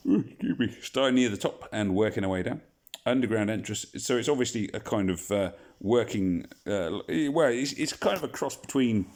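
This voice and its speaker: A man's voice: lowish voice, darkish tone. A man hosting a casual gaming video, rambling and joking at his own expense. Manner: rambling, jokey, self-deprecating. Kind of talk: casual game commentary.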